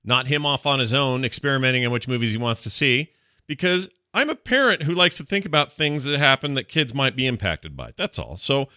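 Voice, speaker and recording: A man's voice: medium pitch, expressive, brisk, bright, forceful tone, clear, resonant tone, no echo, studio quality. A middle-aged man chatting casually as a podcast co-host, rambling with many restarts. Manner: rambling, restarts, laughs a lot. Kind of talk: casual chat.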